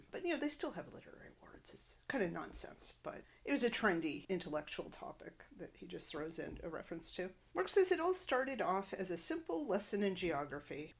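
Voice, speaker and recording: A woman recapping a sitcom episode for her podcast with lively, expressive pitch. She narrates the plot casually and breaks off into wry asides. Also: creaky. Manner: animated, wry commentary. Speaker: podcast host.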